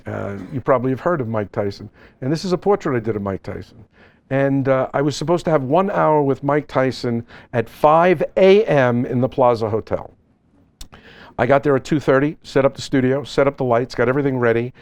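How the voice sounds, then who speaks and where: Animated joking man giving a seminar. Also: mid-range voice, no echo. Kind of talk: live seminar talk with slides. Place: seminar event space.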